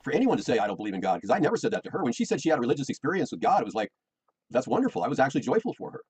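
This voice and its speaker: A man's voice: medium pitch, big pitch swings, racing, a little mellow, breathy edge, low-quality recording. A middle-aged American man, rambling and defensive, repeating himself as he complains about his personal life. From United States.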